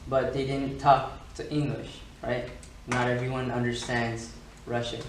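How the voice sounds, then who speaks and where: A flight student with an Indian accent, a native Gujarati speaker, talks eagerly and rambles a bit. His voice sounds distant in an echoey classroom. Clear background noise runs beneath it. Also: mid-range voice, level tone, unhurried. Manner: chatty, eager to add points, rambling. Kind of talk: classroom discussion. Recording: echoey room, from far off, noise.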